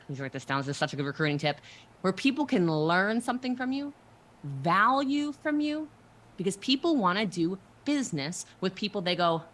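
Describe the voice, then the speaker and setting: A woman coaching recruiters on a livestream in a brisk, emphatic way, often checking in with "okay?". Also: medium pitch, big pitch swings, a bit bright. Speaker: network marketing mentor on a livestream.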